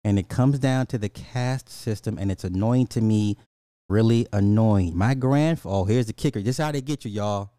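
A man's voice: lowish voice, moderate pace, dark tone, no echo, studio quality. An American man giving a ranting reaction commentary, incredulous and mocking, repeating his points. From United States. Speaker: commentary host.

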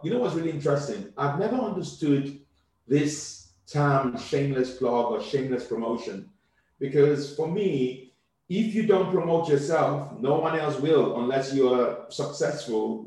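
A man from Nigeria, a comedian speaking as a guest in a casual interview, quick and animated, often repeating words as he thinks. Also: a little high. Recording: very echoey room.

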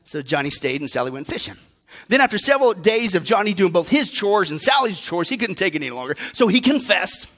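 A pastor preaching a sermon with emphatic rhetorical questions that swing between bursts and hushed asides. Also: male voice, high-pitched, big pitch swings, brisk.

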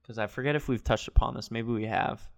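A man's voice: medium pitch, steady tone, fast talker, creaky. A young man in his twenties co-hosting a podcast. He talks in a laid-back, easygoing way and keeps nudging the talk on to the next topic. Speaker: podcast co-host. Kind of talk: casual chat.

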